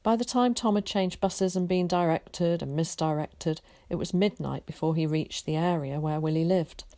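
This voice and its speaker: A teacher reading a children's story aloud in a calm, steady way. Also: female voice, fairly low pitch, normal speed, dry recording.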